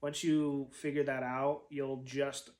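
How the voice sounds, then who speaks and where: Male flute teacher, patient step-by-step explainer, mid-pitched voice. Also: little pitch movement, takes it slowly, darkish tone. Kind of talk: instructional demonstration.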